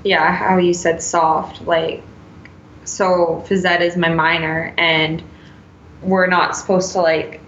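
A woman's voice: fairly low pitch, flat delivery, takes it slowly, a bit bright. Chatty young woman in an echoey room. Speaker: student teacher, guest. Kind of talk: casual chat. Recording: echoey, dull, slightly noisy room.

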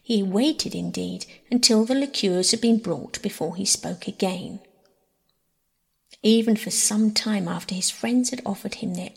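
Husky-voiced woman narrating a story. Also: mid-range voice. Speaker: audiobook narrator. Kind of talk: scripted narration. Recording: husky voice in long reverb.

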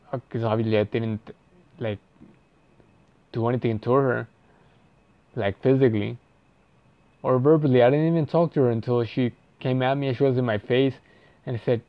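A man's voice: mid-range voice, normal speed, long pauses, no room sound, highs cut off. A young man telling a story casually, rambling and profane, with lots of "like" fillers and restarts.

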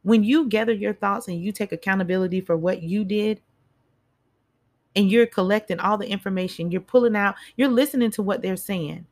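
A woman's voice: medium pitch, fairly quick. A woman giving a casual motivational talk, chatty and speaking straight to her listeners, repeating phrases for emphasis.

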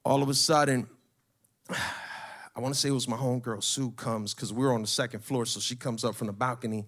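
A man telling a story in a brash, profane, animated way. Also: medium pitch, brisk. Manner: brash, swearing, animated retelling.

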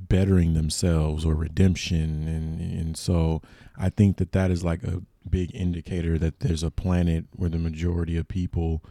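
A man on a casual podcast, talking slowly and reflectively with many fillers. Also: sits low, little pitch movement, warm tone, no echo. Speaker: podcast co-host.

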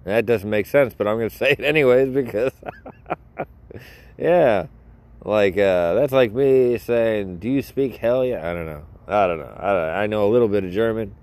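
Young male podcast host, low-pitched, loose and self-mocking, casual solo talk. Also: moderate pace, a little mellow. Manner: rambling, jokey, self-mocking. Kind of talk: rambling solo podcast chat. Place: outdoors.

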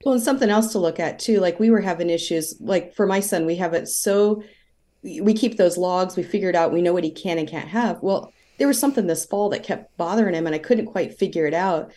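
A woman's voice: fairly low pitch, fairly quick, mellow. A woman being interviewed as a holistic practitioner, telling long stories in a conversational way. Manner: talkative, tells stories at length.

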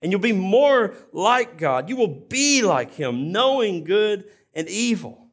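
A man preaching, voicing the serpent as a sly, mocking male tempter with a drawn-out, higher delivery. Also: very animated, heavily acted.

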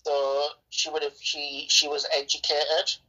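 A woman's voice: low voice, little pitch movement, a little slow, bright, forceful tone, lo-fi sound. An Englishwoman chatting bluntly and enthusiastically about a film, swearing freely. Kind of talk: casual film review chat.

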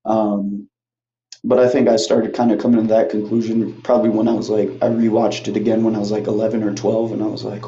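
Speaking a little fast in a low-ish, mellow voice with a level tone, a young podcast host casually recounts a movie's plot. He rambles, swears freely, and acts out characters' lines, all in a muffled, roomy home recording.

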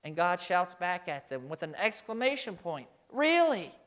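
A man with a notably high voice preaches a sermon. He speaks emphatically and turns to his listeners with rhetorical questions. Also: expressive, normal speed, fairly bright tone. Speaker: pastor.

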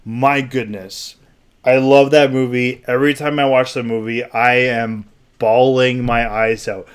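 A young man hosting his own podcast, talking casually and confessionally, rambling with sudden animated bursts. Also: mid-range voice, unhurried, clean tone. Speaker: podcast host. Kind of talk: casual solo podcast monologue.

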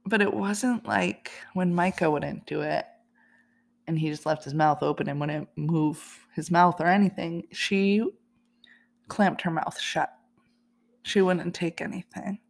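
A woman's voice: lowish voice, a little slow, vocal fry. A woman hosting a podcast, telling a personal story in a chatty, casual way and laughing often. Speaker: podcast host.

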